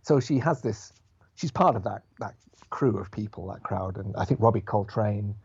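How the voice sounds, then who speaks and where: Gravelly, husky-voiced man guest. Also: on the low side, normal speed, darkish tone, lo-fi sound. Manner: thoughtful, explanatory, full of restarts and hedges. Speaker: podcast guest. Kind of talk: casual chat.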